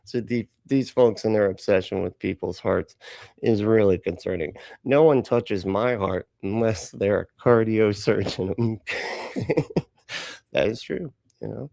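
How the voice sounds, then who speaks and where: A man's voice: on the low side, a little slow, creaky, darkish tone, dry recording. A man hosting a live reaction stream, joking and sarcastic, laughing often and greeting chatters by name. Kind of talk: casual live-stream chat.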